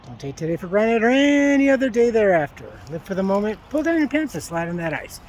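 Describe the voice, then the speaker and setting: High-voiced man ranting outdoors. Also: quick pace, hardly any pauses, a little hiss or hum. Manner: profane, animated storytelling rant. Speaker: vlogger. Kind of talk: casual walking vlog, ranting. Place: outdoors at a park.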